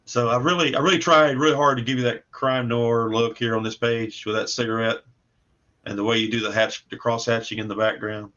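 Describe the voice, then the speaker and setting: A man's voice: mid-range voice, fairly even intonation, brisk, sharp tone. A man, a comic book creator, talking about his work in a casual livestream interview, rambling and repeating words in an easygoing way. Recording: muffled lo-fi stream audio.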